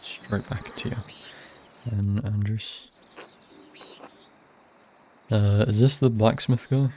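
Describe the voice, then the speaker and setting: A man's voice: lowish voice, fairly even intonation, slow, mellow, slight background noise. A man streaming a game, chatting casually and muttering to himself as he plays. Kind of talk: casual gameplay commentary.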